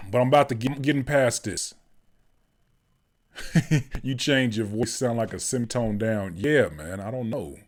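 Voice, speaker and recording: A man hosting a casual livestream, hoarse from a cold, chatting easily with viewers and laughing often. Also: mid-range voice, unhurried, pauses often. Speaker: host, rapper and music producer.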